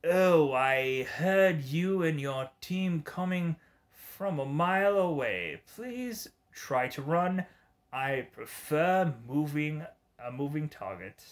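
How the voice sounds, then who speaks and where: A man's voice: a little high, expressive, slow. A man voicing a taunting, sadistic male assassin in a video game, with a manic, sneering clown-villain delivery.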